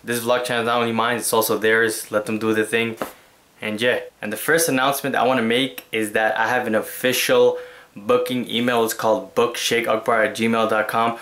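A young man with a bright, forceful voice talks straight to his viewers in a loose, slangy vlog. He is animated, slipping into quoted voices as he goes. His pitch sits in an everyday middle range. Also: brisk, slight background noise. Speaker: vlogger host. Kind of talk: casual vlog chat.

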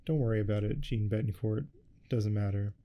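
A man voicing a cocky, laid-back young man who speaks dismissively, in a soft-spoken ASMR reading. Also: on the low side, fairly quick, natural voice. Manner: dismissive, smug.

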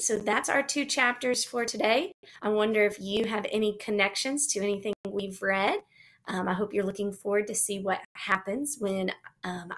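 A woman teacher reading a children's chapter book aloud to her class in a gentle, expressive way. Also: mid-range voice.

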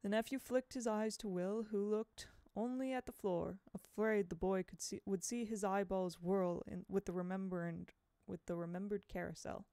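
A woman reading a novel aloud in a measured, expressive way, close to the mic. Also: medium pitch, no room sound. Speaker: audiobook reader.

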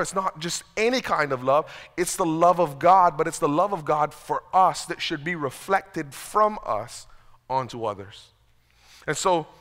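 A man delivers a sermon from the pulpit, his voice bright and a little higher than most. He talks conversationally and pokes fun at himself, often stumbling over repeated words before a sentence gets going. The sound carries a long reverb from the church hall. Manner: conversational, self-deprecating, repeats words when starting sentences. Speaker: pastor. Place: church sanctuary.

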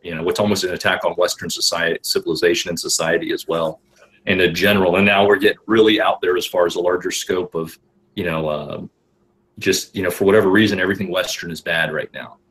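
A lower-voiced man chats on a podcast. He keeps restarting his sentences and leaning on fillers, speaking in a relaxed, halting way. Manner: halting, many restarts and "you know". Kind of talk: casual podcast chat.

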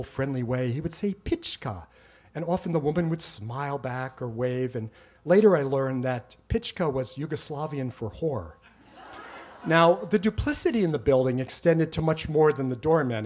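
A man's voice: mid-range voice, a little mellow, slightly rough. A middle-aged man telling a personal story on stage, wry and self-mocking, getting heated as he retells old arguments.

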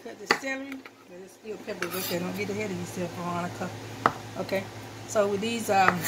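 Here a talkative, folksy cooking vlogger gives a casual demo, chatting to viewers as she chops vegetables in her kitchen. Her voice sits at medium pitch and her delivery is brisk. Heavy background noise comes from loud chopping and clattering.

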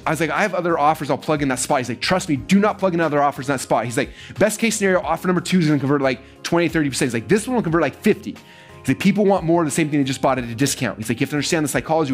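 Guy rattling off a story super fast, voice a bit high, faint music under it. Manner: fast, animated, acts out quoted dialogue with big pitch jumps. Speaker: speaker telling a business story to an audience. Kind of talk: energetic storytelling talk.

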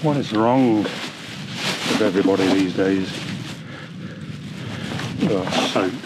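A man's voice: lowish voice, slow, heavy background noise. A man, ranting angrily and swearing while vlogging on a hiking trail. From England. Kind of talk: angry outdoor vlog.

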